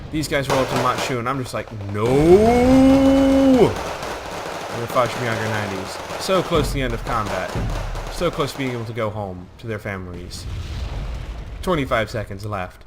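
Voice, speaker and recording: A man's voice: mid-range voice, a little fast, very noisy. A man giving casual, rambling commentary over his own strategy gameplay, joking and acting out the soldiers in silly voices. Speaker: gaming YouTuber.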